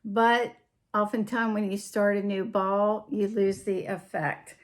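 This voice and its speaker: A woman hosting a casual crafting show-and-tell, chatty and unhurried, often trailing off and picking up her sentences again. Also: mid-range voice, level tone. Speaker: podcast host.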